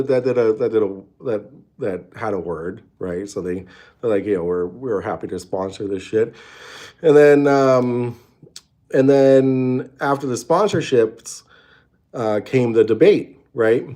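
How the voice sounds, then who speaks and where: A man's voice: mid-range voice, expressive, a little slow, warm tone. A man hosting a casual late-night livestream from a hotel room, rambling and swearing with many restarts. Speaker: show host.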